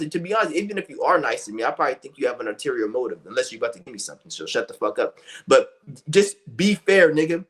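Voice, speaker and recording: A young man streaming a loose, profane rant, his voice sitting a little high for a man. He restarts sentences constantly and piles on fillers as he circles his point. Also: a bit bright. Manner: blunt, profane, rambling with many restarts and fillers. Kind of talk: ranting monologue.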